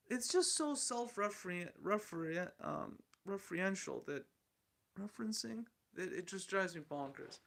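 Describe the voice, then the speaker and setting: A man's voice: sits high, animated, measured pace, creaky, a bit bright. A man hosting a solo podcast, talking bluntly and opinionatedly with profanity and frequent restarts. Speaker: podcast host. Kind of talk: casual solo podcast commentary.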